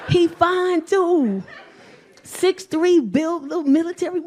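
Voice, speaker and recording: A woman's voice: very high voice, slow pace, a little mellow. A woman doing a stand-up comedy set on stage, telling brash, bawdy stories and acting out voices. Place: comedy stage before a live audience. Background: audience laughter.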